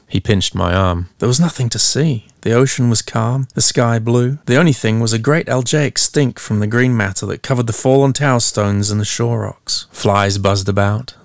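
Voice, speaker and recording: A man narrating a story in a measured, dramatic way. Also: fairly low pitch, creaky, no echo, clean studio sound. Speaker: audiobook narrator.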